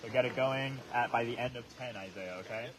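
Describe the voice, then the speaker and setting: A man hosting an outdoor challenge, explaining rules and calling the action in a steady, instructive way. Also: mid-range voice, fairly quick. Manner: steady, instructive, calls himself monotone. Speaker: challenge host. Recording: noisy on-location recording.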